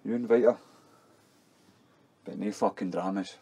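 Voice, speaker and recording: An actor playing a gruff, commanding male gang boss who speaks curtly. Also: on the low side, steady tone, a little slow, mellow.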